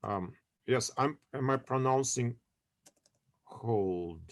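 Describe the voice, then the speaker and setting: A male university lecturer gives an online class over a video call. He speaks slowly and at a middling pitch, pausing often to hunt for English words. He keeps checking that his students follow him. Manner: halting, searching for English words, many fillers.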